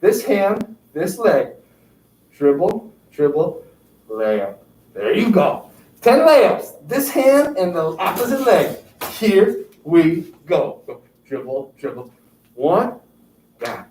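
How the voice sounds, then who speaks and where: A yoga instructor leads a class, counting reps in a slow, unhurried way and cheering the group on. The pitch swings widely. It is recorded from a distance in an echoey room, with faint noise behind. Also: big pitch swings, darkish tone. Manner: counting out reps, upbeat encouragement. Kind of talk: guided exercise class.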